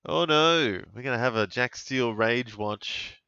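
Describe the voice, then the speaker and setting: Male host, live match reactions, bright smooth tone, dry dull lo-fi recording. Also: mid-range voice, flat delivery, moderate pace, dry recording. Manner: reactive, exclaiming at plays, chatty. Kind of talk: live fantasy sports watch-along commentary. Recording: dull lo-fi dry mic sound.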